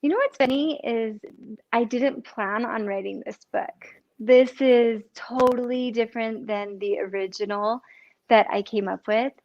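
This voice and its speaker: A woman's voice: fairly high pitch, measured pace, lo-fi sound. A woman cookbook author chatting casually on a livestream from home, bubbly and self-mocking. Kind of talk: casual live-stream chat. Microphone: computer, then AirPods.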